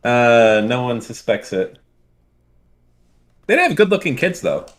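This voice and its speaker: A man's voice: medium pitch, very animated, slow pace. Sardonic, profane man in casual chat. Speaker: stream co-host.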